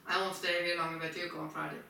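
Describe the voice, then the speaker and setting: A woman chats on and on in a casual home video, circling back to the same points again and again. Her voice is bright and a little rough from a frog in her throat. She sits back from the camera in a kitchen that rings with echo, a faint hum behind her. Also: on the low side. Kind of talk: rambling casual monologue. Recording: echoey kitchen, distant mic.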